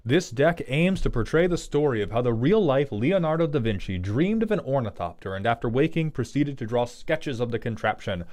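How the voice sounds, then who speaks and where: A lively, swinging male streamer who reviews viewers' card game decks on a live broadcast. He talks casually and swears freely, with his pitch bouncing all over as he breaks into sudden loud outbursts. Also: fairly quick, hardly any pauses. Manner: animated, profane, breaks into loud outbursts and laughter. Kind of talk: casual livestream commentary.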